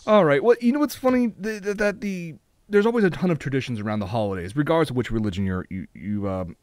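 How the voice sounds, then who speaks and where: A man co-hosting a podcast, pitching gag gifts in a jokey infomercial style. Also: lively intonation, fast, darkish tone, no room sound, studio quality. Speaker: podcast co-host. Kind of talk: casual chat.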